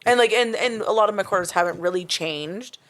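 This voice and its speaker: A woman's voice: medium pitch, a little fast, fairly bright tone. A young woman talking as a podcast guest, rambling with many fillers and restarts. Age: young adult. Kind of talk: casual chat.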